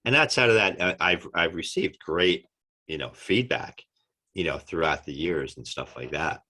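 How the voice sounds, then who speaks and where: Man, deep voice, forceful delivery, animated storyteller, podcast guest chat. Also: moderate pace. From United States. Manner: animated storyteller, acts out quotes. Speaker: actor guest. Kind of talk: casual interview chat.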